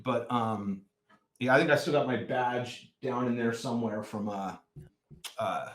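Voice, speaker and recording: A man as a podcast guest, telling stories in a rambling, animated way during a casual chat. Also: medium pitch, a little slow. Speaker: podcast guest, nonprofit founder.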